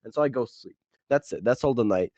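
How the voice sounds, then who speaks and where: A man's voice: mid-range voice, a little fast, a little mellow, no room sound, dull audio. A young man co-hosting a casual podcast, telling a story in a rambling way, swearing and laughing often. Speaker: podcast co-host.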